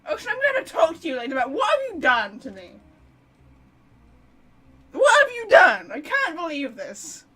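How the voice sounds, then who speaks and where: A woman streamer giving casual, rambling game commentary, excitable and full of fillers. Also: sits high, fast, few pauses.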